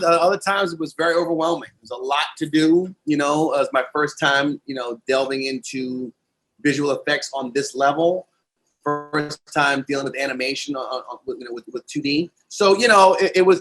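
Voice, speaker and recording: A man's voice: fairly high pitch, fairly bright tone. A man, a film director, answering an interview question in a reflective, earnest way.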